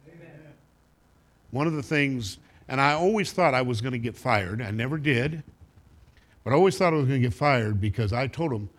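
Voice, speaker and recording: A man preaching a sermon to a congregation, animated and emphatic, sometimes acting out the voices of others. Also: mid-range voice, brisk. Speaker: pastor.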